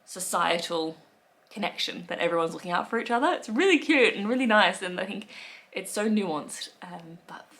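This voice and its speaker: A young Australian woman in casual chat to camera, playful and quick to laugh, acting out little quoted voices. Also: mid-range voice, animated, a bit bright. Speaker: vlogger.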